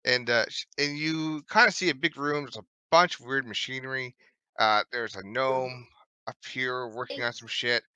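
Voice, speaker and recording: Brief: male game master, very bright tone, dry close sound, casual and teasing. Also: medium pitch, normal speed, smooth, no echo. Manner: casual, teasing, swears offhand. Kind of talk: narrating a tabletop game over voice chat.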